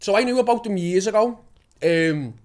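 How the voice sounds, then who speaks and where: A man's voice: sits high, animated, normal speed, a little mellow. A young man, a guest actor talking casually, rambling, swearing often and laughing as he goes. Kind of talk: casual chat.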